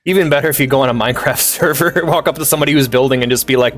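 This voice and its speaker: A man's voice: mid-range voice, racing, fairly bright tone, soft background music. A male streamer chatting casually with his audience, rambling between topics, swearing freely and laughing often.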